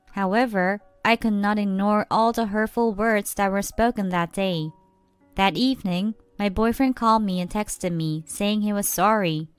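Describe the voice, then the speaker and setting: Smooth-voiced woman narrating a story. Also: mid-range voice, dry recording. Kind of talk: first-person story narration.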